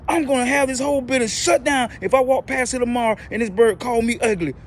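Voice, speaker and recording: A man voicing an angry woman who scolds a shop manager in a raised, forceful voice. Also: very high voice, fast talker, a little hiss or hum, voice pushed up. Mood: indignant. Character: indignant angry woman office worker.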